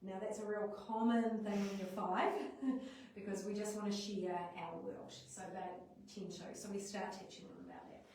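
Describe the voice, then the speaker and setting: Nz lady teacher chatting to parents, lively, sounds far off in a really echoey room. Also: mid-range voice, normal speed. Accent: New Zealand. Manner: lively, chatty, models classroom talk. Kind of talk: explaining classroom writing lessons to parents. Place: school hall or classroom at a parents' evening. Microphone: livestream device at a distance. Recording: echoey room, voice from afar, faint noise.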